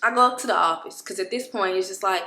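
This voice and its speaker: A woman vlogger at home, telling a story to camera in an expressive, exasperated way, with many restarts. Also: mid-range voice, fast, echoey room. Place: home apartment room.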